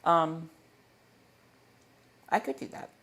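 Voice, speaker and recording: A man's voice: a little high, expressive, slow pace, gravelly, noisy background. A man hosting a casual livestream Q&A into a desk microphone, rambling playfully and tripping over his words as he corrects himself. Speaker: livestream host.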